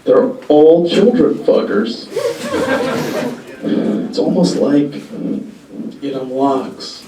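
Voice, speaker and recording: A young man performing stand-up comedy in a halting, deadpan way, with many pauses and fillers, on a club stage before a live audience. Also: fairly high pitch, background noise. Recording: echoey room, far mic, crowd laughter.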